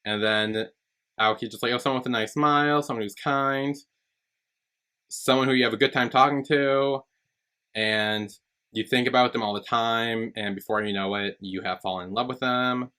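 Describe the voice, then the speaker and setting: A man's voice: mid-range voice, fairly even intonation, moderate pace, sharp tone, clear, resonant tone. Casual young man recapping a show. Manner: retells scenes with quoted lines, many "like" and "um". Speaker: podcast co-host.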